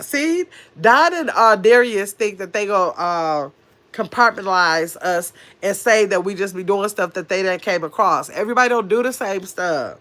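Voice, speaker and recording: An older woman hosting a livestream, chatting casually and reading viewer comments aloud, animated and talking with her hands. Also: medium pitch, moderate pace. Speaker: livestream host reading chat. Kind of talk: casual live chat.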